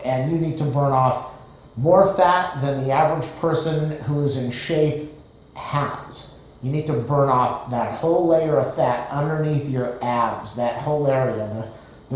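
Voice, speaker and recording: A man's voice: mid-range voice, slight background noise. A man who is out of breath, counting exercise reps aloud between groans and rambling asides to the camera. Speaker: fitness vlogger. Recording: very echoey room.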